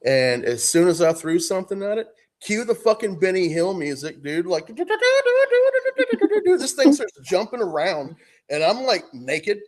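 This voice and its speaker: A man's voice: high voice, expressive, moderate pace. A middle-aged man on a podcast, telling a profane story in casual chat, often laughing. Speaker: podcast co-host.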